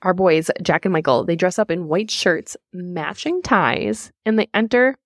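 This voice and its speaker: Young woman, podcast co-host, casual storyteller, lowish voice, dry sound. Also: measured pace, dry recording. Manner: chatty, laughing storyteller, swears freely. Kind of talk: casual chat.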